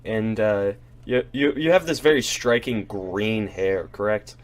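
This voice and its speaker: A man running a tabletop game as game master, narrating in a relaxed way with frequent hesitations. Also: fairly low pitch, unhurried.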